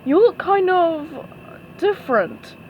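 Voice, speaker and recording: A blustery old crab boss, as a woman voices him in a storybook reading. He barks his lines loudly, in a voice only a little deeper than her own. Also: expressive, slow pace, dull audio, a little hiss or hum, full character voice. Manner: loud, blustery exclamations. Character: gruff loud older crab boss, money-minded.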